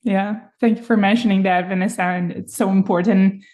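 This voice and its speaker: A woman's voice: medium pitch, fairly even intonation, fairly quick, a little mellow. Woman podcast host, encouraging. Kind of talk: interview host.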